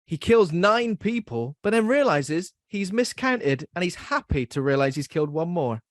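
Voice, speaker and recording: A young man hosting a podcast, talking in a loose, giggly, self-mocking ramble. His voice sits a little high for a man, and the recording is close and dry, with no room sound at all. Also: sing-song, normal speed, no echo. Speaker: podcast host. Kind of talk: casual podcast chat.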